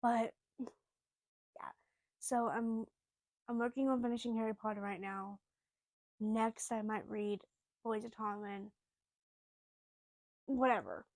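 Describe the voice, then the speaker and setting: A young woman vlogger chatting casually about books, rambling and emphatic, now and then dropping to a soft whisper. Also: fairly high pitch, no echo.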